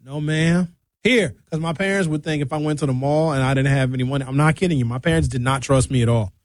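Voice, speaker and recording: A man's voice: mid-range voice, rapid-fire, no echo. A man hosting a radio show, rambling through a bawdy comic monologue. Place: radio studio.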